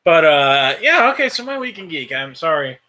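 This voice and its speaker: A man's voice: a little high, big pitch swings, normal speed, background noise. A man co-hosting a podcast, giving short eager replies and laughing often in casual chat. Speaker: podcast co-host. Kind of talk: casual chat about movies.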